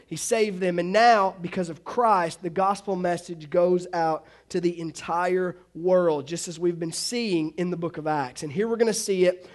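A man with a high voice preaches to his congregation in a relaxed, joking way. He talks casually and animatedly, mixing in asides to his listeners. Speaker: pastor. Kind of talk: sermon.

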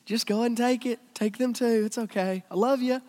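A preacher doing a meek, high, placating dad. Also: male voice, steady tone, moderate pace, darkish tone, in a large hall. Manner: limp, placating, high-pitched. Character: meek, spineless father, adult man.

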